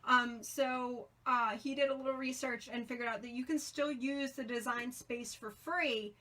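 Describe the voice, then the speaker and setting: Bright chatty young woman demoing crafts. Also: on the high side, fairly even intonation, normal speed. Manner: chatty, rambling, many fillers. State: losing her voice. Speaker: crafting channel host. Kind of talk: casual tutorial demonstration.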